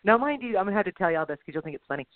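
A woman co-hosting a podcast, chatting in an animated, self-deprecating way. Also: mid-range voice, very fast, dry recording. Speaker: podcast co-host. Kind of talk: casual chat. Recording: dry, tinny phone line.

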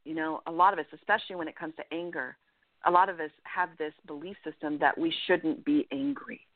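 A woman life coach giving earnest, animated advice as a guest in an interview, often checking in with "right?". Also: deep voice, brisk, dry recording. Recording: dry, tinny phone-line sound.

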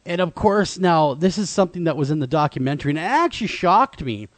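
A man co-hosts a podcast and throws questions at his guest with plenty of exclamation. His voice is fairly high and swings widely in pitch. The sound is dry and close. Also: lively intonation, fast talker, no room sound. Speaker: podcast co-host. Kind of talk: casual interview conversation.

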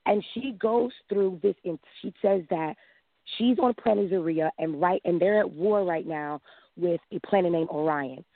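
Woman in her 30s, animated caller, tinny phone sound, dry. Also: lowish voice, normal speed, dry recording. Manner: animated, acts out quotes, laughs often. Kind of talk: casual storytelling.

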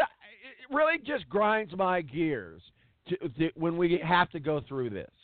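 A man's voice: fairly high pitch, no room sound. A man hosting a sports talk show, ranting bluntly and hammering words for emphasis. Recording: tinny phone-like dry sound.

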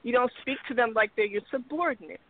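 A woman's voice: on the high side, animated, fast talker, dry recording. Woman host, self-assured teaching tone; tinny phone audio, dry. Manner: confident, instructive, lecturing women on men. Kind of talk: casual podcast chat.

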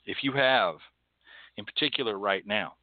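A man's voice: lowish voice, normal speed, dry recording. A man from Texas hosting a call-in radio show, speaking bluntly and passionately with profanity and a preacherly cadence. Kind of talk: impassioned call-in talk show. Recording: tinny phone-like audio.

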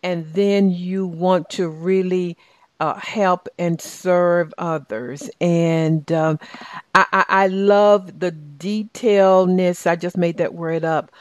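A middle-aged woman with a Southern US accent, a radio show host and life coach, runs a talk show in a lowish, steady voice at a slow pace. She's warm and encouraging, with lots of restarts and fillers. The recording is dry.

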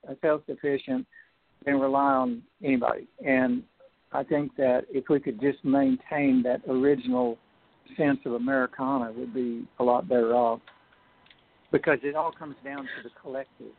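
A man talking as a radio guest over the phone, halting, with many restarts and fillers. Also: medium pitch, fairly even intonation. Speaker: guest, film producer. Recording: tinny phone line.

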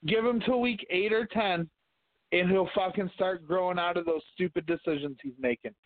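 On a dry recording with a tinny, phone-like quality and no echo, a male co-host with a high-pitched voice speaks at a moderate pace. He's ranting, profane and argumentative as he tells stories in a casual podcast conversation.

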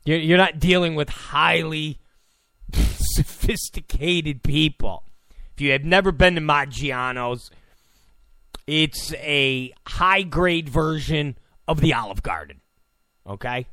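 A male talk show host delivering an incredulous, sarcastic rant, repeating himself and breaking into sudden shouts. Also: on the high side, slow, no room sound. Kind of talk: ranting commentary. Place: Los Angeles.

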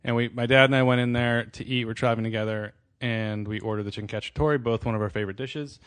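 Male podcast co-host, relaxed storyteller, chatty with ums, mid-pitched voice. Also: fast, clean tone. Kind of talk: casual chat.

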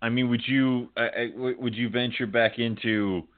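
A man hosting a podcast, chatting in a relaxed, jokey way with small stammers. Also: mid-range voice, normal speed. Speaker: podcast host. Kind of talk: casual interview chat. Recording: tinny phone-line sound.

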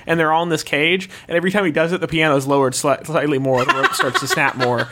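A man's voice: on the high side, animated, quick pace, very noisy. A young man improvising comedy bits on a podcast, rambling playfully and laughing as he goes. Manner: rambling and playful, often laughing while acting out characters. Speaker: podcast co-host.

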